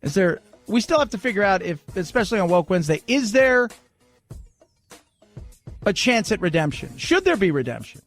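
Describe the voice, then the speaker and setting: A man hosting a talk radio show, talking in an animated, sarcastic, conversational way. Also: high voice, moderate pace, long pauses, faint music behind. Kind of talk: talk radio monologue and ad read.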